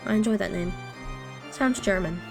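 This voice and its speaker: A woman casually commenting on a visual novel as she plays, excitable and thinking aloud. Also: mid-range voice, moderate pace, creaky, faint music behind. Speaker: let's-play streamer.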